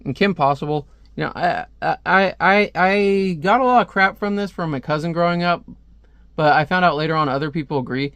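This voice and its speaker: A man's voice: a little high, brisk, fairly bright tone, clear, resonant tone, no room sound. A man reviewing a comic book in a casual read-aloud, rambling into chatty asides.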